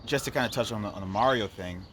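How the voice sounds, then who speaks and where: Young man, lowish voice, podcast co-host, joking casual chat, clear noise behind. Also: fast talker, a bit bright. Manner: laughs often, loose and joking.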